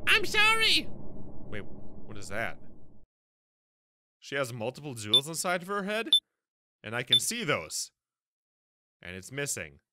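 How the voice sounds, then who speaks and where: A man giving excitable, self-mocking let's play commentary, swearing and reacting to a video game. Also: medium pitch, a little slow, long pauses, very noisy. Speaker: gaming YouTuber.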